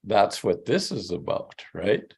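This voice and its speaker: A man who hosts as storyteller in residence, chatting casually in a relaxed, joking way. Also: lowish voice, slow, vocal fry, slightly rough. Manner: relaxed, joking, talks with restarts. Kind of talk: casual conversation.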